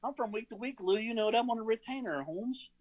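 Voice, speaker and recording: A man's voice: high voice, fast, background noise. A man on a casual podcast who cracks crude, profane jokes. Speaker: podcast co-host. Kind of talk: casual chat.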